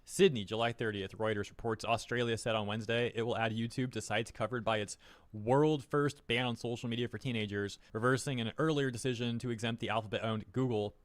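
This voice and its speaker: A man's voice: mid-range voice, fairly even intonation, brisk, dry recording. A man doing online commentary, reading news headlines aloud with wry, mocking asides.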